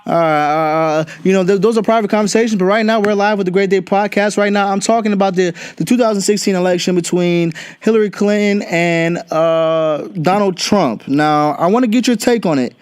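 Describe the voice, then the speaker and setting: A man's voice: high-pitched, fairly quick, hardly any pauses, smooth. A young man hosting a podcast, ranting bluntly and profanely in casual talk. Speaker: podcast host. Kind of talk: casual political rant.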